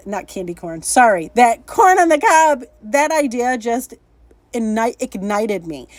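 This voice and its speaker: Woman, craft vlog host, casual, chatty, laughs a lot, higher voice, dry close sound. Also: lively intonation, moderate pace, no room sound. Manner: chatty, upbeat, self-deprecating, laughs often.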